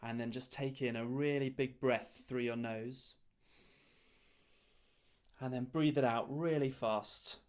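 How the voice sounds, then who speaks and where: A man leading a choir's breathing warm-up over a video call, giving calm, encouraging step-by-step instructions. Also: mid-range voice, takes it slowly, pauses often, clean tone. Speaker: choir leader.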